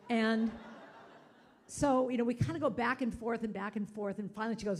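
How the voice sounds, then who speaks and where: A woman's voice: mid-range voice, brisk. A middle-aged woman giving a chatty sermon, telling stories and acting out quotes. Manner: chatty, animated storytelling with acted-out quotes. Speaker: guest speaker. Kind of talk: sermon storytelling. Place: church sanctuary.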